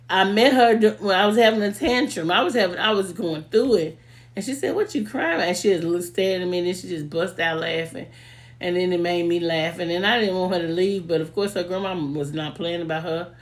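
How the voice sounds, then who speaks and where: A young woman, telling heartfelt, emotional stories about a late friend in a casual video, often laughing as she talks. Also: lowish voice. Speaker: vlogger paying tribute to a late friend.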